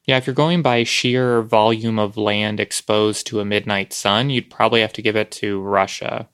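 A man's voice: on the low side, steady tone, normal speed, a bit bright, clean tone, no room sound, studio quality. A man co-hosting a podcast in casual chat, musing aloud in a hesitant way with plenty of fillers. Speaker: podcast co-host.

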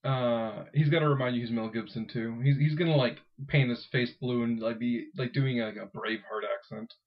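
A man co-hosting a podcast, talking at a middling pitch. He rambles and keeps cutting himself off, laughing as he goes. The sound is a bit dull and lo-fi. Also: fairly even intonation, moderate pace. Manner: rambling, self-interrupting, laughs often. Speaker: podcast co-host. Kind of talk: casual podcast chat.

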